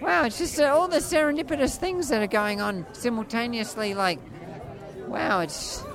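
Australian man in his forties, high-pitched, rambling playful storyteller, faint street crowd. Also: moderate pace. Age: 40s. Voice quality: high-pitched for a man, mistaken for a woman on the phone. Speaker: street performer jester. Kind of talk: casual storytelling interview.

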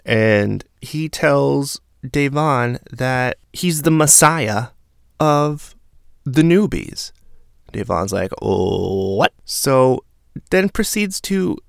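Male recap host, casual and sarcastic, raspy fry, dry close sound. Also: medium pitch, animated, very slow, no echo. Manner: sarcastic, exasperated commentary.

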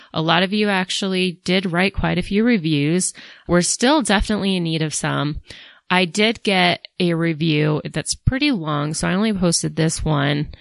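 A woman's voice: on the low side, vocal fry, no echo. A woman hosting a podcast, reading a listener review aloud and making jokey, irreverent asides. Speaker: podcast host.

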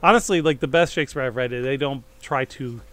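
A man's voice: mid-range voice, a little fast, fairly bright tone. A man co-hosting a podcast who chats casually and reads old-style verse aloud with theatrical flair. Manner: theatrical when reading aloud, chatty otherwise. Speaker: podcast co-host. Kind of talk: casual chat with dramatic verse reading. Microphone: studio microphone.

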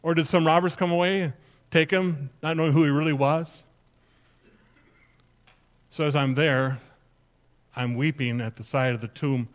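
A pastor playing Mary Magdalene, earnest. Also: male voice, on the high side, fairly even intonation, moderate pace, long pauses, lightly acted. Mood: sorrowful. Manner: earnest, emphatic storytelling addressed to the congregation. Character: grieving then joyful woman disciple, earnest. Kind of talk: first-person dramatic sermon monologue.

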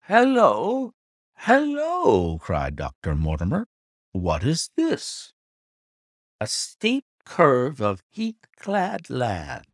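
A man reading a classic novel aloud as an audiobook narrator, in measured, expressive storytelling. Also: lowish voice, dry recording, clean studio sound. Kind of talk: scripted narration.

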